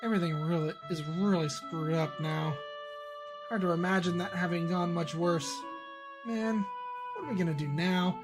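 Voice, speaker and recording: A man's voice: high voice, moderate pace, over music, close to an everyday voice. A man reading the lines of a sulky young male punk in his own game, curt and sullen. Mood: glum.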